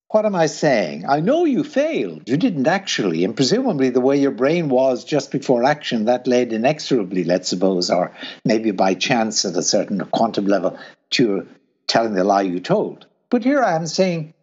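A man speaking as a guest in an explanatory conversation, lively, and now and then acting out what he would say to someone. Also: medium pitch, moderate pace, slightly rough. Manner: lively, explanatory, acts out exhortations in a rising pleading tone. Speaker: guest philosopher. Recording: dull lo-fi sound.

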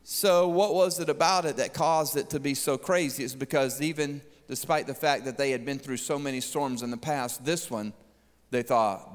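Animated pastor, high voice. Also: male voice, fairly quick. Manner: animated, joking, acts out voices. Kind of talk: sermon. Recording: long hall reverb.

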